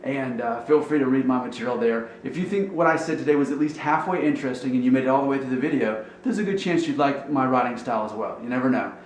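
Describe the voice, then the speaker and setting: A man's voice: mid-range voice, quick pace, hardly any pauses. A man from Alabama musing casually to camera as a blogger, rambling and thinking aloud with fillers. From Alabama, USA. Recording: roomy echo, faint noise.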